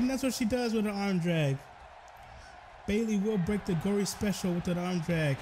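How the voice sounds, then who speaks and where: A young man giving excitable play-by-play commentary over a wrestling video game, breaking into shouted exclamations. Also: high voice, moderate pace, a little hiss or hum.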